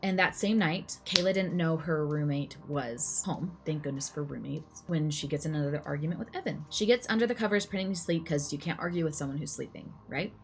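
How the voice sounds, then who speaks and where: A woman's voice: sits low, a little fast, hardly any pauses, soft background music. A young adult woman casually retelling a true crime case to her viewers, chatty and full of "like" and "you know" asides.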